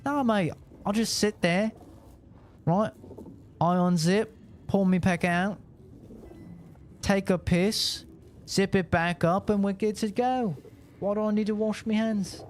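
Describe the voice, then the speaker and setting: A man's voice: high voice, steady tone, takes it slowly, pauses often, slight background noise, pitched above the performer's own voice. Man putting on a crude mock-Australian bloke. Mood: brash. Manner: loud, crude, swaggering. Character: crude brash Australian bloke, boastful and careless.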